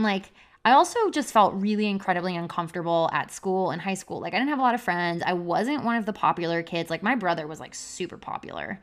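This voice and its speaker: A woman's voice: on the low side, a bit bright. A young adult woman telling a personal story on a podcast, candid and confessional, with "like" as a constant filler. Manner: confessional, heavy use of "like" as filler. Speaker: podcast speaker.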